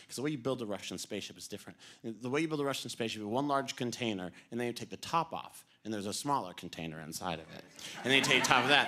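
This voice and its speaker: A man from New doing a stand-up comedy set, telling stories and acting out voices with animated delivery. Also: mid-range voice, noisy background. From New York City. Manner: animated storytelling, acts out voices.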